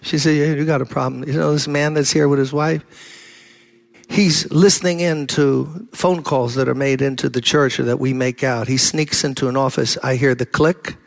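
A man's voice: mid-range voice, fairly even intonation, normal speed, vocal fry. An older man preaching a sermon, telling a story animatedly, acting out the dialogue and rising to fervent intensity. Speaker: pastor.

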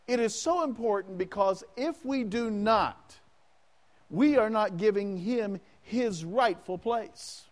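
A man's voice: sits high, a little mellow. A man preaching a sermon as pastor, asking the congregation questions and acting out prayers in the first person.

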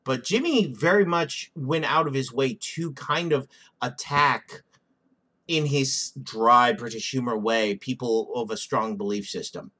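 A man's voice: mid-range voice, a little slow. A man co-hosting a comedy podcast, joking and swearing freely in casual chat. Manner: profane, excitable, jokey. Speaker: podcast co-host.

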